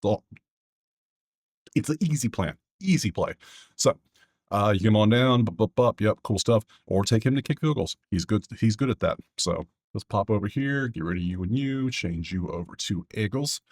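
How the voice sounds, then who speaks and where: Guy with a lowish voice doing solo betting talk, loose and chatty, mutters to himself. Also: darkish tone. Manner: loose, chatty, talks to himself, quick asides. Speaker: sports betting video host. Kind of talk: casual solo commentary over a screen.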